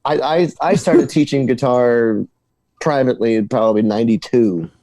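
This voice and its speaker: A man from New Jersey, a guest musician, telling stories in a casual interview, animated and tripping over repeated words when excited. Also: medium pitch, moderate pace, slight background noise.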